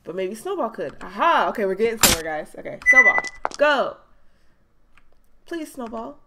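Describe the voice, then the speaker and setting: A woman's voice: a little high, sing-song, normal speed. A woman giving jumpy, profane commentary while playing a horror game, chatting to her viewers. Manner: jumpy, swears a lot, talks to viewers. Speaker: let's play gamer. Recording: loud background noise with clicks.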